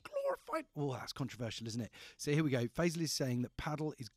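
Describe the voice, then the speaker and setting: A man's voice: mid-range voice, fast talker, darkish tone, slightly rough, no room sound. Rambling, playful male radio host. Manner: rambling and playful, often restarting his sentences. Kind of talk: casual radio chat.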